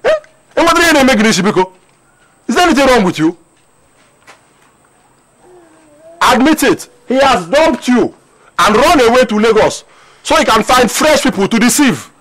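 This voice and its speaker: An actor with a Nigerian accent playing a bossy older brother who coaxes with repeated "eh?" and then threatens, in a film drama. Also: male voice, a little high, animated, a little slow, pauses often, rough recording. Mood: threatening. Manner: coaxing with tag questions "eh?", turning to shouted threats. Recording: film music behind.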